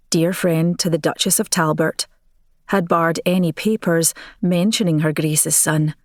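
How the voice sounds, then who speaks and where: A woman narrating a romance audiobook in a measured, expressive storytelling manner, recorded on a close studio mic. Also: sits low, dry recording.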